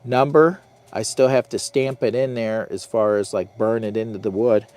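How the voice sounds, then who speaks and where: A man's voice: on the low side, fairly even intonation, normal speed, darkish tone, no echo. Goofy self-mocking man vlogging from camp. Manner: goofy, self-mocking, talks to the algorithm and viewers. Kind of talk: casual rambling camp vlog. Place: hot tent while camping.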